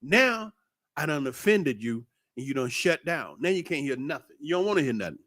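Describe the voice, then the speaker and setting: A middle-aged man, talking in a casual, preachy monologue that is animated and full of swearing. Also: a little high, normal speed, no echo, clean studio sound. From United States. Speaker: commentator.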